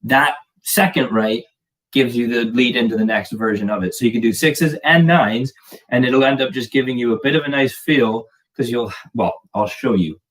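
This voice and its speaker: Joking drum teacher, distant noisy mic. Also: male voice, mid-range voice, moderate pace. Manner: jokey, rambling, self-deprecating. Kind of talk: casual video lesson. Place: home drum room. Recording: distant mic with clear background noise.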